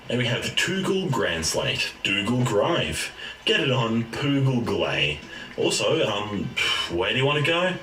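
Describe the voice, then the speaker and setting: A young man riffing on memes in a lively, bouncing voice with a bright, forceful edge. He jokes and laughs his way through his commentary. The sound is roomy and echoey, a little off the mic. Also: medium pitch, measured pace, far from the mic. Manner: animated, jokey, laughs often. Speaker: YouTuber. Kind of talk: casual meme commentary.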